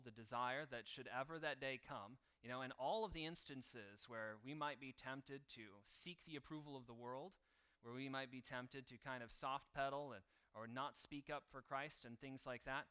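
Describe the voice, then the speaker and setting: A man's voice: medium pitch, bright, forceful tone, clean tone. A man preaching a sermon in a conversational way, with fillers, who reads a historical account aloud. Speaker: pastor.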